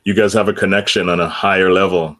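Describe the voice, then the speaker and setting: Man, very deep voice, calm, affirming, casual chat. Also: fast talker. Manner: calm, brief affirming replies. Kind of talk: casual talk show chat.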